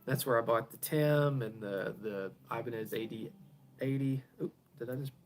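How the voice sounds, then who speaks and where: A man building pedals and hosting a casual live stream from his garage, answering viewers in a rambling way, often chuckling and trailing off quietly at the ends of thoughts. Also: medium pitch, moderate pace, a little hiss or hum. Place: home garage.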